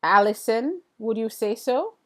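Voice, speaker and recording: This livestream host, a middle-aged woman, keeps things relaxed and chatty, reading and responding to comments as they come in while talking directly to viewers. She has a fairly high voice and an unhurried delivery.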